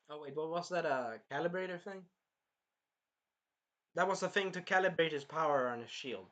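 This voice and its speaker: A man excitedly recapping an anime episode on camera, swearing, apologizing and acting out the scenes. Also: fairly high pitch, moderate pace, long pauses. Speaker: anime reviewer.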